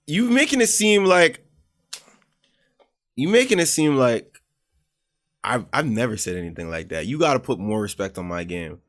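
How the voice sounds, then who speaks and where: A young man co-hosting a podcast in casual chat, laid-back but quick to protest. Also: very animated, fairly bright tone. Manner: laid-back, protests with rising pitch, repeats "hold on". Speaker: podcast co-host.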